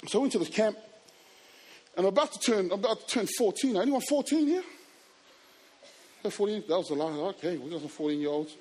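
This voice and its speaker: A man telling personal stories to a live audience, animated and acting out scenes and voices. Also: high voice, a little fast, long pauses. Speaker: youth speaker. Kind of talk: storytelling talk to an audience.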